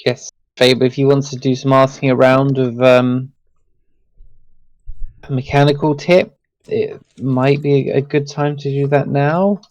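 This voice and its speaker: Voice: medium pitch, fairly even intonation, unhurried, pauses often, darkish tone, no echo. A player in a tabletop game, matter-of-fact and planning ahead. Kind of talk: casual tabletop role-play.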